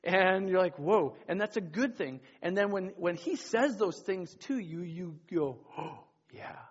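A man's voice: high voice, normal speed, husky, muffled recording. A man giving a casual, conversational sermon as a youth pastor, rambling with restarts and acting out quotes.

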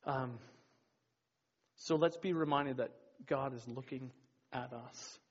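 A man's voice: medium pitch, slow, slightly rough, muffled recording. A man giving a casual, conversational sermon as a youth pastor, rambling with restarts and acting out quotes.

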